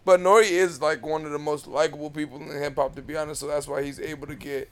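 A man's voice: on the high side, level tone, quick pace, smooth. A man co-hosting a podcast in casual chat, laid-back, cursing and full of slang. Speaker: podcast co-host.

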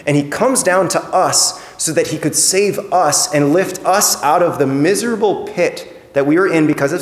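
A man preaches a Sunday homily, earnest and conversational, often doubling back on his words. His voice sits on the higher side. It rings out with the long, roomy echo of a church. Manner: earnest, conversational, repeats words when restarting. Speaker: priest. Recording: echoey church with long reverb.

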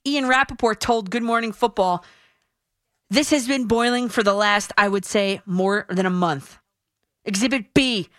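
A woman's voice: medium pitch, fairly bright tone, no echo. A woman hosting a sports radio show, giving her opinions in a punchy, emphatic way into a studio microphone.

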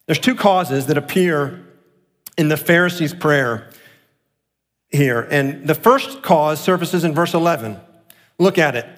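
Guy preaching, pretty high voice, lots of repeated points, big echo hall. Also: unhurried, long pauses, a bit bright. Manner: rhetorical questions, emphatic repetition. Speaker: pastor. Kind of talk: sermon.

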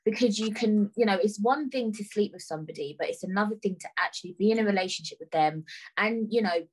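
A woman's voice: mid-range voice, fast, darkish tone, slightly rough, low-quality recording. A woman in the host's chair talks frankly and reassuringly. Her speech is chatty and full of fillers as she relates to her guest. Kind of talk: emotional personal conversation.

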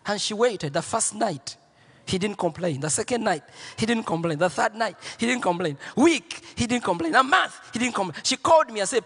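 Man preaching a sermon, super animated pitch, bright edgy voice, lots of repeating, reverb from a big hall. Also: fairly quick, breathy edge. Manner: dramatic preaching, repeats phrases, swings from whispers to shouts. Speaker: pastor.

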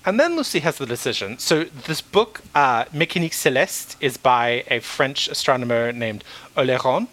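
Animated, bright-voiced man recapping a book. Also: mid-range voice, moderate pace, rough recording. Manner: animated retelling, laughs often, swears. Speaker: podcast host. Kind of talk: casual book discussion.

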